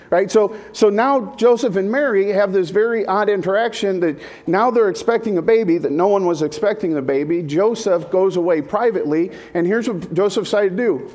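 A man's voice: high voice, brisk, few pauses, a little mellow. A male pastor giving a humorous sermon, talking in a jokey, conversational way and putting questions to the congregation.

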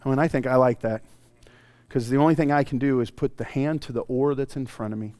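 A male pastor preaching a sermon, telling stories with animated swings from loud bursts to hushed, intimate passages. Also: mid-range voice, a little fast, no echo.

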